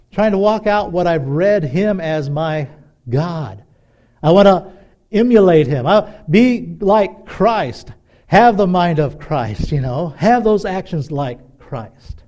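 A middle-aged man preaching a sermon in a conversational, animated way, acting out little dialogues. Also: on the high side, lo-fi sound. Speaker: pastor.

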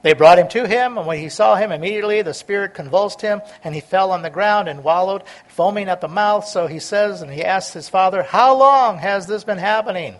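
A man preaching a sermon, reading scripture aloud and explaining it, stumbling over words at times and swinging between loud and soft delivery. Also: high-pitched, fairly quick, hardly any pauses.

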